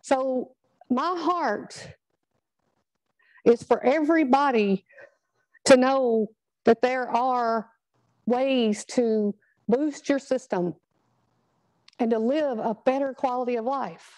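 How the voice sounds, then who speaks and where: A woman's voice: sits high, takes it slowly, pauses often, darkish tone, no room sound, low-quality recording. Earnest, chatty woman speaker. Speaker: speaker at a product training. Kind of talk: motivational talk to a live group.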